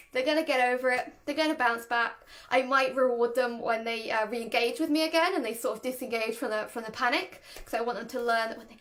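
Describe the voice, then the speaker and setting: A young woman, a dog trainer, giving relaxed advice to camera, chatty and quick to laugh. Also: a little high. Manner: chatty, laughs often, demonstrates voices. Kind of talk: casual explanatory talk to camera.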